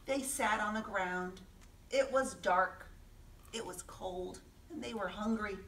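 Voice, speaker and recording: A woman, a children's librarian, reading a picture book aloud gently and asking the listening children questions. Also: medium pitch, slow, a little hiss or hum. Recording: echoey room, voice from a distance.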